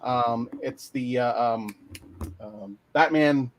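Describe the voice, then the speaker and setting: A man chatting casually as a guest, talking haltingly with many fillers and restarts over a video call. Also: mid-range voice. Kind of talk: casual chat.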